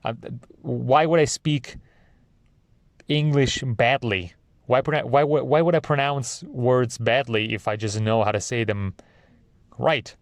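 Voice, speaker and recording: A young man, talks off the cuff as a podcast host in a middle-pitched voice. He rambles and hesitates with lots of ums and uhs, and he swears freely. The sound is dry and close, with no room echo. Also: unhurried. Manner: meandering, hesitant with many fillers, profane. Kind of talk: casual rambling monologue.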